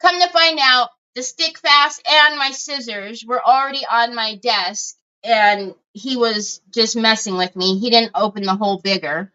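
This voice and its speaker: A woman's voice: a little high, unhurried, hardly any pauses, pushed and bright, smooth, muffled recording. A middle-aged woman, chatting casually with viewers while crafting on a livestream and telling stories. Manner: chatty storyteller, talks to viewers as y'all.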